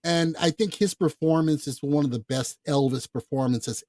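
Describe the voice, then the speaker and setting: A man co-hosting a podcast, talking casually about films in a blunt, profane, animated way. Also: fairly high pitch, moderate pace, no echo. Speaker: podcast co-host. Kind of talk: casual film chat.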